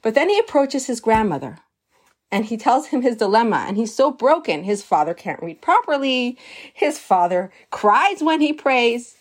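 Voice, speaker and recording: Woman teaching torah, earnest and emphatic, slightly higher voice. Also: big pitch swings, moderate pace. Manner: earnest, emphatic, sprinkles Hebrew terms. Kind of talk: storytelling lesson.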